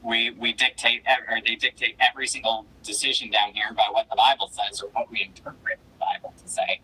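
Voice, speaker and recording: A woman's voice: extremely low pitch, brisk, sharp tone, slight background noise, poor audio. A woman hosting a casual interview, emotional and jokey, with theatrical outbursts. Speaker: podcast host.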